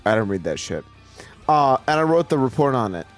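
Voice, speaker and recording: A man co-hosting a casual gaming chat, profane and prone to loud yelling outbursts. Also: medium pitch, sing-song, fairly quick, soft background music. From Washington state. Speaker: co-host.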